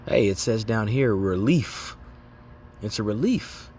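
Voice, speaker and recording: A man with a lowish, darkish voice speaks slowly but animatedly over slight background noise. This lay preacher gives an informal religious exhortation in casual slang, tagging lines with "man" and "okay?" and laughing as he acts out reactions.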